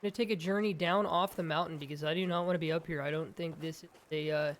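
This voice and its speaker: A young man giving excitable let's-play commentary, chatting to viewers and calling out to his in-game companion. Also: on the high side, fast talker, slight background noise. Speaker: gaming YouTuber.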